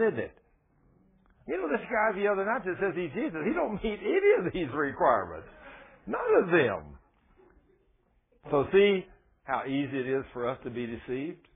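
A man preaching a folksy, animated sermon on the radio, swinging from soft, low passages to excited outbursts. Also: husky. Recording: tinny phone-like radio sound.

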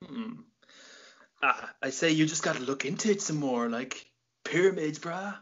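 A man's voice: a little high, normal speed, fairly bright tone. Swearing Irish guy on dull lo-fi audio. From Ireland. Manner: swears freely, laughs at his own jokes. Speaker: podcast host. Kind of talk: casual late-night chat.

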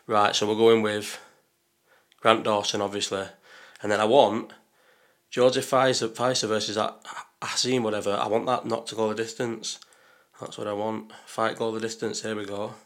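A man's voice: lowish voice, fairly bright tone. A man chatting casually as a betting vlogger, rambling and talking to himself as he second-guesses his picks. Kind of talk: casual chat while placing bets.

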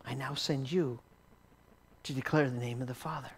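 A man's voice: medium pitch, fairly even intonation, moderate pace, slight background noise. A man teaching a sermon as a story, often repeating words as he restarts and chuckling along. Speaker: Christian teacher.

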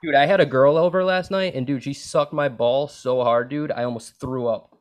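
A young man hosts a crude, casual podcast chat. He rambles from one tangent to the next, swears freely and leans on "like" and "bro" in nearly every sentence. His voice sits at an ordinary middle pitch for a man. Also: fairly even intonation, moderate pace, clear, resonant tone. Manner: rambling, profane, says "like" and "bro" constantly. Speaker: podcast host.

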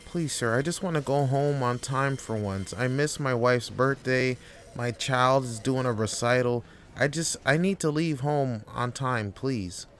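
A man's voice: mid-range voice, unhurried, a bit bright, a little hiss or hum, natural voice. A man voicing an overworked male office clerk who pleads with his boss and then turns profane and combative. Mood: pleading.

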